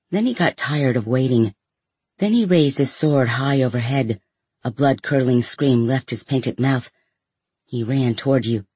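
A man reading a first-person story aloud in a measured, even way. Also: medium pitch, breathy edge, no room sound. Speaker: audiobook narrator.

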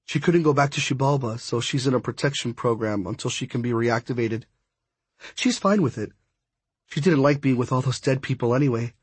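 A man voicing a bold, teasing teenage girl in an audiobook, talking brisk and sassy. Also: mid-range voice, slightly rough, dry recording, natural voice.

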